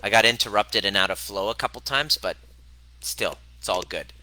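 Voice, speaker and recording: In a low-quality recording with slight background noise, a man in his forties coaches and hosts a self-help talk. He's blunt and freely profane, his bright, forceful voice at normal speed with emphatic, swooping pitch.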